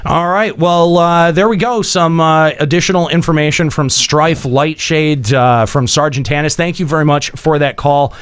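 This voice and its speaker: A man's voice: a little high, fairly even intonation, smooth, no room sound. A man hosting a gaming podcast, talking casually with lots of fillers and restarts. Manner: halting, many fillers and restarts. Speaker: podcast host.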